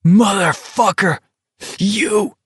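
A weary young man, worn down and quick to flare up, as a male narrator reads him. He speaks in short, tense bursts. The reading is close and dry. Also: on the low side, dark tone, no echo, close to an everyday voice. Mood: angry. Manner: terse, flaring into angry outbursts. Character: young male walker, tired, quick to anger.

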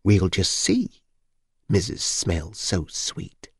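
A woman's voice: very deep voice, slow, darkish tone, husky, dry recording, clean studio sound, full character voice. A man voicing a sly, nosy old woman neighbor who wheedles in a whisper and mutters spitefully. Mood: spiteful muttering.

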